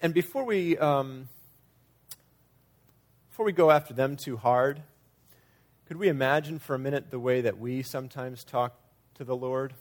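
A man's voice: mid-range voice, normal speed, long pauses. A man preaching a sermon in a conversational way, sometimes acting out quoted lines with changing emphasis. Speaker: pastor.

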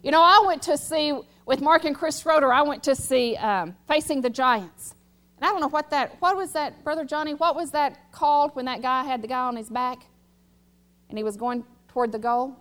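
Female pastor, very high voice, emphatic preaching style in a church. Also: moderate pace. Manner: emphatic, rising to loud exhortation. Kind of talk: sermon. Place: church sanctuary.

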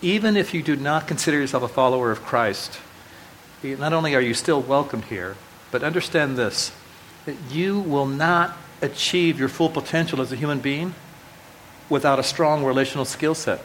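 A man's voice: mid-range voice, normal speed, fairly bright tone, slight background noise, low-quality recording. A middle-aged man preaching a sermon to a live audience, telling personal stories in a casual way with self-deprecating jokes and asides to the listeners. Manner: conversational storytelling with self-deprecating humor; frequent restarts and asides to the audience. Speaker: pastor. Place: church hall before a live audience.

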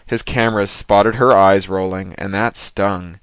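A man narrating an audiobook story in a steady, measured way. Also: deep voice, clear, resonant tone, dry recording.

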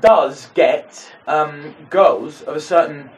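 A man's voice: on the high side, slow. Rambling man, slightly distant mic. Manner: rambling, wry, swears casually. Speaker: podcast co-host. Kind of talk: casual podcast chat. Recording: slightly distant mic, faint room ambience.

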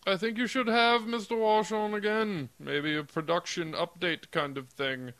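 A man's voice: high-pitched, fairly even intonation, normal speed, a bit bright, clear, resonant tone. A man co-hosting a podcast in casual banter, playfully putting on a posh British accent. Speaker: podcast co-host.

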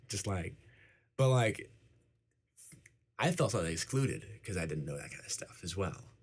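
A man's voice: low-pitched, animated, normal speed, pauses often, slightly rough. A young man, a university student, answering interview questions casually and rambling with many fillers. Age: young adult.

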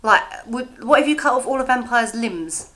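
Bright-voiced woman podcast host. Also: a little high, moderate pace. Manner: giggly, upbeat. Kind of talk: casual chat.

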